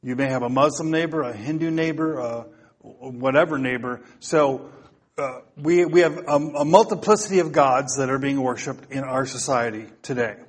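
A man's voice: mid-range voice, normal speed, husky. A man preaching a topical sermon, talking casually to his congregation and then reading psalms aloud with rising emphasis.

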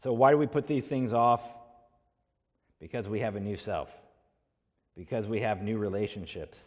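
A man's voice: lowish voice, normal speed, a little mellow. Storytelling male pastor in a reverberant hall. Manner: conversational storytelling preacher, acts out quoted voices. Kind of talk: sermon. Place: church sanctuary.

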